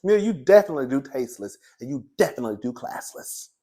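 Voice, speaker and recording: A man giving casual, sassy commentary on a reality TV episode, chatty and quick to laugh. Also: mid-range voice, big pitch swings, dark tone. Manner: sassy, chatty, laughs often, calls viewers "girl" and "baby". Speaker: reality TV reviewer.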